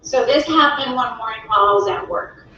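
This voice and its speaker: A woman with a bright, fairly high voice tells her side of the story in an emotional, outspoken way. She is far from the mic in a very echoey room, and the audio sounds somewhat dull. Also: brisk, slight background noise. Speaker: wife telling her side. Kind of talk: personal storytelling.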